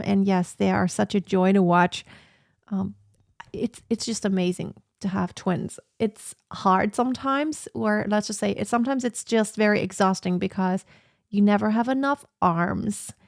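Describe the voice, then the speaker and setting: A woman's voice: mid-range voice, no echo, studio quality. A woman in her thirties chatting casually and reflectively on a sit-down livestream from her home office, with lots of fillers. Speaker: vlogger.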